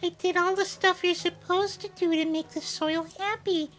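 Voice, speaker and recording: A man plays a flustered village woman whose orchard is ruined. She complains in a very high, shrill voice and sounds put upon. She could step out of a fantasy video game. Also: fairly even intonation, normal speed, a bit bright, soft background music. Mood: fretful.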